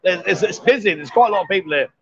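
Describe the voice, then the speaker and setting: A man's voice: high-pitched, lively intonation, racing, fairly bright tone, highs cut off. Chatty man hosting a live stream. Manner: chatty, jokey, reads viewer comments aloud. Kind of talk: casual live chat. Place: busy bar.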